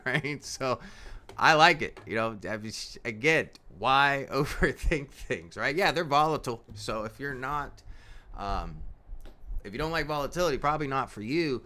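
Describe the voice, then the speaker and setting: Animated, folksy male stock streamer. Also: medium pitch, moderate pace. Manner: animated and folksy, laughs often, says "right?" a lot. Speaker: stock market live stream host. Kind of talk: casual live market commentary.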